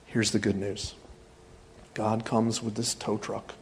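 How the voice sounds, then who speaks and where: A man's voice: fairly low pitch, slow pace, slight background noise. A middle-aged man preaching a sermon as a pastor, telling stories with animation and acting out the people in them. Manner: animated storytelling, acts out voices.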